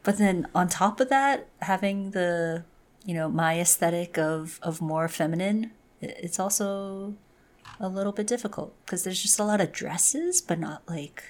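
A woman's voice: fairly low pitch, normal speed. A woman co-hosting a podcast in casual chat, chatty and often trailing off. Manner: chatty, laughs between remarks, trails off. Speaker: podcast co-host.

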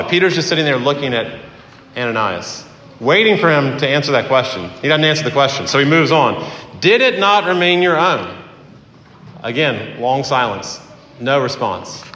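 A man preaching a sermon as pastor in a conversational way, with fillers and pauses. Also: fairly high pitch, bright, forceful tone. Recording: echoey hall.

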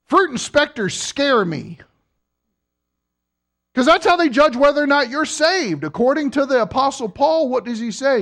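Animated, high-voiced male preacher. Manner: animated, joking with the congregation, rising to emphatic peaks. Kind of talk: sermon.

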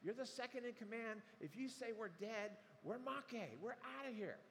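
A man's voice: very high voice, lively intonation, moderate pace, a bit bright. A man preaching a sermon, retelling the story animatedly and acting out quotes. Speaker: pastor. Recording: long hall reverb, faint room noise.

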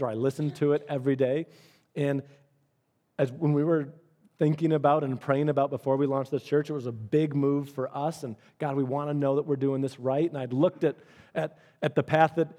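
Male pastor, middle-aged, slightly high voice, earnest conversational sermon delivery. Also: mellow. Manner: earnest, conversational preaching with repeated phrases.

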